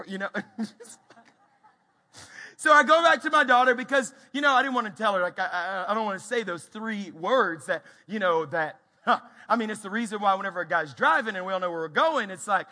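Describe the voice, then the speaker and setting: A man preaching a sermon in a church, swinging between lively storytelling and hushed, slow emphasis. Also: high voice. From Texas. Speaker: pastor. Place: church sanctuary. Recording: long reverb of a church hall. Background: hall reverb.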